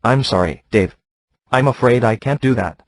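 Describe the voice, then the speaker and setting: A text-to-speech male voice reading the lines of a calm, polite ship computer in an even, unhurried way. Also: medium pitch, dry recording, lightly acted.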